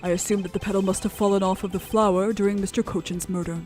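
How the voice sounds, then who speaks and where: A woman reading the lines of a composed, formal male prosecutor in a video game, in a measured, confident way. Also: mid-range voice, fairly even intonation, darkish tone, soft background music, close to an everyday voice.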